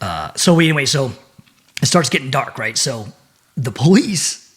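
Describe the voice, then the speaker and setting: A man's voice: medium pitch, moderate pace. A middle-aged man, a former Navy SEAL, recounting a story as a podcast guest, with plenty of swearing and restarted phrases. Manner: profane, animated, repeats words while telling. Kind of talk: casual storytelling.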